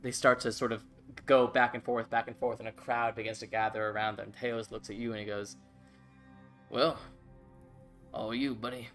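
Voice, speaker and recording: Bright-voiced man running a tabletop game. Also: lowish voice, flat delivery, a little fast, soft background music. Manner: laughing, loose narration with fillers. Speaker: game master.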